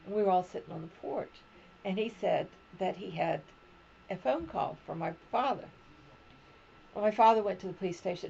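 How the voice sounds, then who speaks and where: Gravelly older woman telling family stories. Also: medium pitch, moderate pace, a little mellow, muffled recording, slight background noise. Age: 70s. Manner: rambling personal storytelling. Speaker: crochet podcast host. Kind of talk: casual chat.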